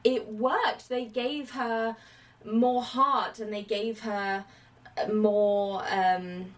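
A woman in her late twenties chatting casually about a film, lively and quick to act out quotes. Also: medium pitch, far from the mic. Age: late 20s. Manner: chatty, acts out quotes with laughs. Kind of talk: casual chat about films.

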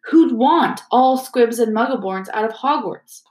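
A woman's voice: on the high side, a little slow, darkish tone, pitched above the performer's own voice, natural voice. A woman voicing a clever, cautious teenage schoolgirl who talks earnestly, in an echoey room. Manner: earnest, careful.

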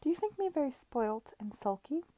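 A woman's voice: high-pitched, big pitch swings, normal speed, dark tone, voice pushed up. A woman reading the part of a sulky, spoilt young heiress in an audiobook, speaking bluntly and bitterly.

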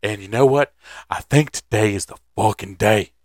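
A man's voice: on the low side, moderate pace, darkish tone, no room sound, clean studio sound. A young man co-hosting a podcast, chatting casually, joking crudely and laughing often. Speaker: podcast co-host. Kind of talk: casual chat.

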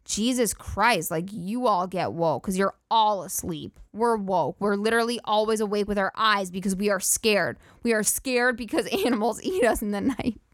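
A woman's voice: medium pitch, animated, moderate pace, hardly any pauses, no room sound, studio quality. A woman hosting a comedy podcast, rambling through profane, giggly riffs. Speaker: podcast host. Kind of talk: casual comedic monologue.

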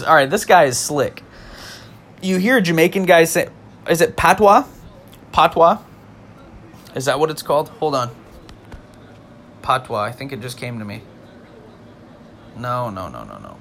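A man's voice: fairly high pitch, big pitch swings, unhurried, long pauses, fairly bright tone, a little hiss or hum. A man giving casual comedic commentary, rambling, swearing and mocking himself. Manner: rambling, profane, self-mocking. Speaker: video host reading lyrics.

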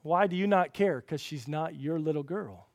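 A man preaching a sermon as pastor, asking the congregation rhetorical questions and swinging between loud emphatic peaks and quiet low passages. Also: moderate pace.

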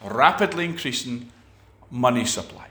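A man's voice: medium pitch, expressive, moderate pace, sharp tone, reverberant. A man preaching a sermon, emphatic, with repeated phrases and restarts.

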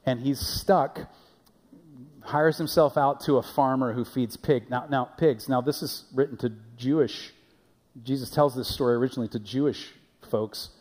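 A man's voice: mid-range voice, steady tone, normal speed, darkish tone, big-room sound. A man preaching a sermon in a conversational way, often repeating his words as he goes. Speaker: pastor. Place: church sanctuary.

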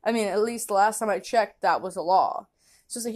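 A young woman from the United States, hosting a podcast from her kitchen, telling a story in a casual, animated way, laughing often and acting out what people said. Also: medium pitch, a little fast. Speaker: podcast host. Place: home kitchen.

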